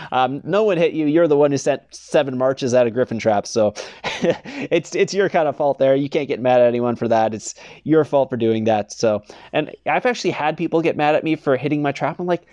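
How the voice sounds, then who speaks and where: A man's voice: mid-range voice, a little mellow, no echo. A young man hosting a gaming channel, chatting casually over gameplay footage, rambling with lots of fillers and frequent chuckles. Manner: rambling, laughs often, many fillers.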